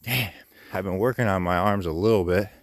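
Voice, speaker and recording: A middle-aged man talks into a handheld phone in a loose, rambling way, cursing freely and tripping over restarts. His voice sits very low, and the sound is dry and close. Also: fairly quick, no echo. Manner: rambling, profane, lots of restarts and fillers. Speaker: vlogger. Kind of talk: casual rambling monologue.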